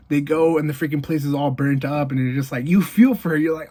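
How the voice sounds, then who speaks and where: A man with a somewhat high voice talks through a movie plot in a casual, animated recap. He keeps leaning on fillers and dropping quick asides as he goes. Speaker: movie reviewer. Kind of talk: casual spoken movie review.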